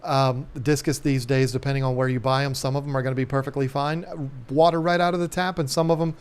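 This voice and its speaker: A man's voice: medium pitch, fairly even intonation, quick pace, clear, resonant tone. A middle-aged man hosting a casual live stream, rambling and joking with many ums and restarts. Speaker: live stream host, aquarium shop owner.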